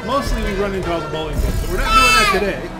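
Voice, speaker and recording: A man giving excitable live commentary on a racing video game, exclaiming as he drives. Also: sits high, rapid-fire, poor audio. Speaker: gaming channel host. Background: loud game music.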